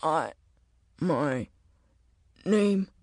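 A woman voicing a badly injured older man who speaks in a weak, strained rasp on the edge of silence. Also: sits low, expressive, very slow, a little mellow, no room sound, studio quality, exaggerated voice. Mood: fading. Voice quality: strained rasp, near whisper. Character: dying older bearded man, rasping, weak.

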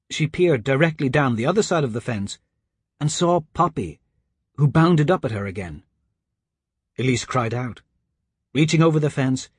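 A man reading a children's adventure story aloud in an even, steady storytelling manner. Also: medium pitch, breathy edge, no echo, clean studio sound. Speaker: narrator. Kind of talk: audiobook narration.

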